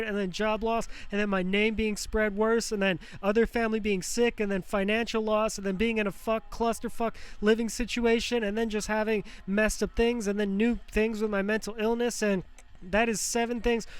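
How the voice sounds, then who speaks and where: A man hosts his show in a high, clear, resonant voice, delivering a rambling personal monologue. He sounds raw and near tears, swearing often, leaning on fillers and restarting his sentences again and again.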